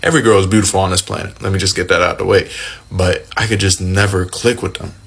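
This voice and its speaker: A man's voice: low-pitched, level tone, fast talker, vocal fry, a bit bright, breathy edge. A man talking casually to camera, puzzled and rambling. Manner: puzzled, rambling, many fillers.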